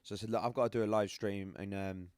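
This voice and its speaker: A man's voice: on the low side, fairly even intonation, fast talker, a little mellow, clean tone, no room sound. A middle-aged man with a northern English accent, chatting casually and rambling as a live-stream host at home, laughing often. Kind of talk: casual chat. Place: home room.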